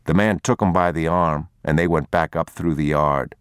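Deep-voiced man reading a novel. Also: steady tone, clean tone, no room sound, clean studio sound. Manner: measured, grave reading. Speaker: narrator. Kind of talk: audiobook narration.

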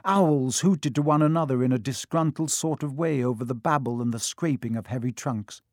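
Reading a novel aloud, a male audiobook narrator delivers scripted narration in a measured storytelling manner. His voice is mid-range, and the sound is clean studio audio with no room reverb.

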